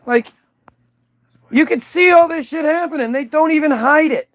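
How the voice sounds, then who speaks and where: A man's voice: extremely high pitch, moderate pace, fairly bright tone. A man delivering a combative, profane, rambling monologue to his stream audience, often restarting his sentences. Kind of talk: ranting monologue.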